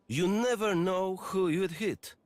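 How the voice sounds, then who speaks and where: An actor playing an earnest young wartime fighter pilot in a video game, speaking with conscientious sincerity. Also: male voice, high voice, takes it slowly, no room sound.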